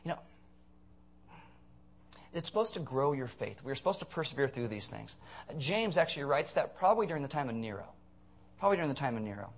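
A man's voice: medium pitch, very animated, a little fast, long pauses. A man preaching a conversational sermon, earnest with blunt, sarcastic asides.

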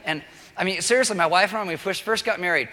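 A man preaching a relaxed, conversational sermon, full of joking asides and quick check-ins with the listeners. His voice is fairly high for a man and has a forceful, bright edge. It rings out with the long reverb of a large hall. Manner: chatty, joking asides, keeps checking in with okay. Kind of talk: casual sermon.

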